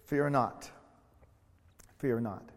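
A middle-aged man preaching a sermon in a church, slow and emotional, swelling loud then dropping to quiet tones. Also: mid-range voice, big-room sound. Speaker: pastor. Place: church sanctuary.

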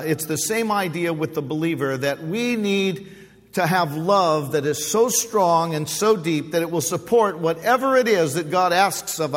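A man's voice: high voice, long reverb tail. A male pastor preaching a sermon at a pulpit microphone, explaining scripture and asking his congregation rhetorical questions. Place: church sanctuary.

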